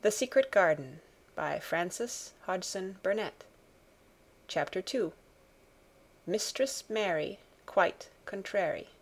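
A woman narrating a classic novel as an audiobook reader, in calm, even storytelling. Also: medium pitch, takes it slowly, pauses often.

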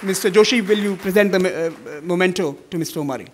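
A middle-aged man giving formal welcome remarks at a conference, measured, with many fillers when he speaks off the cuff. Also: high-pitched, a little hiss or hum. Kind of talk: formal welcome speech, partly read, partly ad-libbed.

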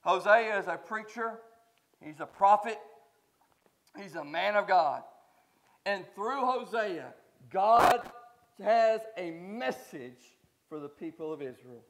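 A man with a Southern American accent preaching a folksy sermon in a church, swinging from quiet asides to shouted emphasis. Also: sits high, lively intonation, slow pace, long pauses, slight background noise. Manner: folksy, joking. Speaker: guest preacher. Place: church sanctuary.

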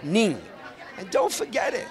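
A showy male host works the room at an event, joking and flattering guests. His voice sits high. Faint crowd chatter runs behind him. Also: measured pace. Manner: flirty, showy, jokey. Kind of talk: event interview.

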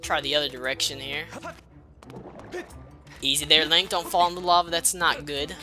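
A woman's voice: low voice, flat delivery, normal speed, bright, forceful tone, faint music behind. A woman giving casual, profane gameplay commentary, muttering and sarcastic as she plays. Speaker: let's play host.

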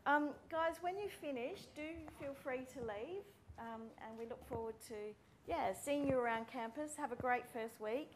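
A woman, a speech pathology lecturer giving a friendly, brisk welcome talk to students and calling out names. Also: high voice, a little hiss or hum. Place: university room with students.

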